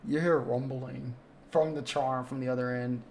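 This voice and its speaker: A woman's voice: very deep voice, steady tone, moderate pace, a little mellow, a little hiss or hum. A woman running a tabletop game as game master, casual and laughing often.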